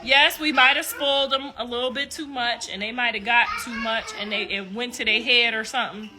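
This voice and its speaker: A middle-aged woman hosting a casual livestream, croaky-voiced, talking loudly and laughing as she tells stories to viewers. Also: a little high, steady tone, fairly quick, over music. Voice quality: croaky voice she likens to a frog. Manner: loud, laughing, storytelling, calls viewers y'all. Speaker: livestream host.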